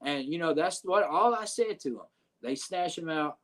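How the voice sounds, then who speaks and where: A man, a podcast guest telling a story in a profane, animated way with lots of filler phrases. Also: fairly high pitch, moderate pace. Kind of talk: casual storytelling.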